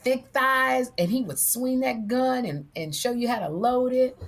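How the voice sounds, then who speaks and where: Animated, gushing woman podcast guest. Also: on the high side, unhurried. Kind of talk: casual comedy podcast chat.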